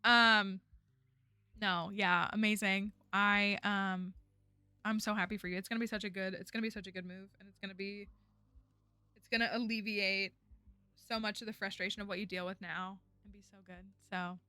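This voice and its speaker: Bright-voiced woman streamer, chatty. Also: mid-range voice, steady tone, moderate pace, clean tone, dry recording. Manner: chatty, rambling, many fillers like "like" and "um". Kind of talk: casual gameplay chat.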